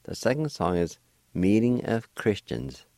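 Male radio host teaching a language: very deep, unhurried, spells words letter by letter. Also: big pitch swings, mellow, no echo.

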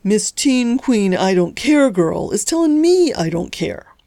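Gruff sneery middle-aged cop dad, a lady doing him in a storybook reading, bossy and loud. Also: fairly low pitch, normal speed, dry recording, studio quality, natural voice. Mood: scornful, growling. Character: gruff middle-aged male state trooper, scornful and overbearing.

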